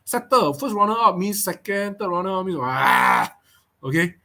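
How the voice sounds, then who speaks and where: A man's voice: high-pitched, brisk, bright, forceful tone. A man with a Singaporean English accent hosting a casual podcast preview, chatty, repeating words and checking in with listeners. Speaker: host.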